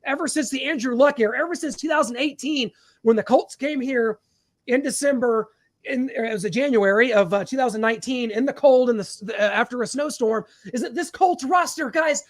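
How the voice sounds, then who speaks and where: Male podcast host, very high voice, animated emphatic banter, dry close sound. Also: fairly quick, no room sound. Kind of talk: casual sports chat.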